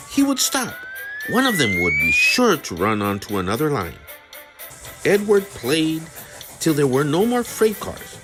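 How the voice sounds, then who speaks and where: A man reading a children's train story aloud, slowly and expressively. His pitch rises and falls dramatically from line to line. Music plays steadily underneath. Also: fairly bright tone. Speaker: narrator. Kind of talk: storybook narration. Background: background music.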